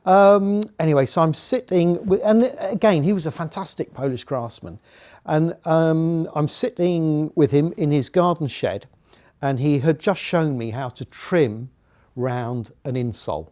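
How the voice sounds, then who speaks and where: Middle-aged man, guest shoemaker, casual storytelling, lively anecdotal delivery. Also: on the high side, a little slow.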